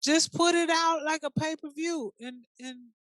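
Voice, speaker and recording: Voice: high voice, a bit bright, no echo. Sassy chatty podcast co-host. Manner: sassy, colloquial, quick to react. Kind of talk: casual chat.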